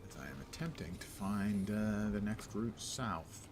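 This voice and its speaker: A man's voice: lowish voice, measured pace, noisy background. A man livestreaming a game, talking to himself and his viewers in a casual, wry way with sarcastic asides. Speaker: gaming livestreamer. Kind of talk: casual gameplay commentary.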